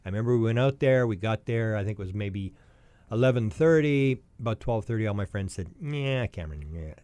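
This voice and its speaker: A man in his sixties telling a long personal story as a podcast guest, lively and anecdotal, often restarting his sentences. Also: fairly low pitch, brisk, smooth, dry recording. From Canada.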